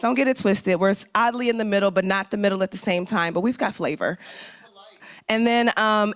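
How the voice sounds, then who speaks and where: A man from St. Louis hosting a conference, giving opening remarks and hyping the crowd with playful shout-outs, his throat slightly strained. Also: sits high, brisk, no echo. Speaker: conference host.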